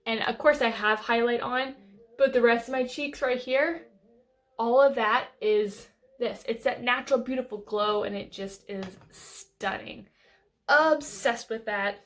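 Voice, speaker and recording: A woman's voice: a little high, unhurried. Gushing young woman beauty vlogger. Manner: gushing, enthusiastic, lots of fillers and restarts. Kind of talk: casual makeup favorites chat.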